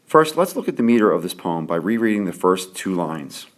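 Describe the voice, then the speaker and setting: A man teaching a lesson, explaining poetic meter and counting out the beats slowly and clearly. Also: sits low, big pitch swings. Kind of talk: classroom lesson on poetry.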